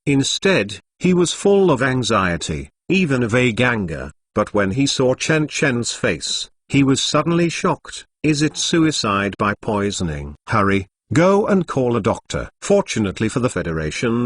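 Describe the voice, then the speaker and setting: A text-to-speech male voice narrating a translated novel in an even, machine-read delivery. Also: medium pitch, dry recording. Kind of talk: synthetic story narration.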